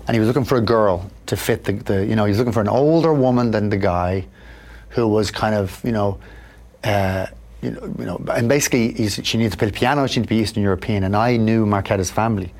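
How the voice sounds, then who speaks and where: A man's voice: fairly low pitch, fast talker. A man, a guest in an interview, telling personal stories in a reflective way and acting out the people he quotes. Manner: reflective, acts out quoted people in lively voices. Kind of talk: candid conversational storytelling.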